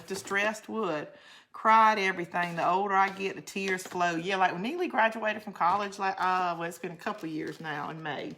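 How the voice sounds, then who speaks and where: A woman's voice: mid-range voice, bright, forceful tone. A middle-aged woman hosts a casual craft livestream. She rambles chattily and answers viewer comments as she works. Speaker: craft channel host.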